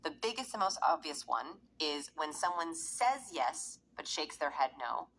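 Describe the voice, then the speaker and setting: Recorded roughly with slight background noise, a woman speaks at a measured pace in a low, sing-song, fairly bright voice. She's an adult parent and behavior researcher laying out her findings in an interview, voicing examples as she demonstrates them.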